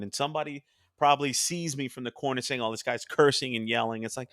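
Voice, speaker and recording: Bright-voiced young podcast host. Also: male voice, medium pitch, fairly quick, dry recording, studio quality. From New Jersey. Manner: chatty, quotes cartoon lines in animated voices. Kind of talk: casual podcast chat.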